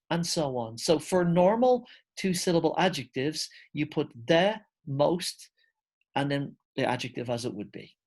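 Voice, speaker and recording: Male English teacher, online grammar lesson; relaxed, step-by-step explainer, friendly "guys" address. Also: on the high side.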